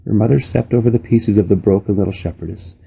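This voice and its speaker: Male reader of a children's novel, unhurried, husky and low. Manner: steady, unhurried storybook reading. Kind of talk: reading a children's novel aloud.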